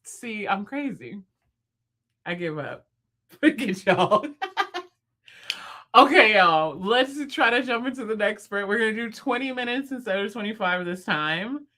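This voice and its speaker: A young woman chats on her livestream in a bright, lively voice. She talks fast and playfully, and she laughs often as she talks to her viewers. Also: medium pitch. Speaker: livestream host. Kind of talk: casual livestream chat with viewers.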